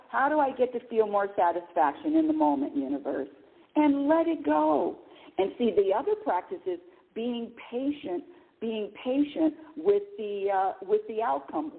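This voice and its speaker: A woman's voice: high-pitched, vocal fry. A woman hosting a call-in radio show, talking in an emphatic way and often repeating her words. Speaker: radio host. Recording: tinny phone-line sound.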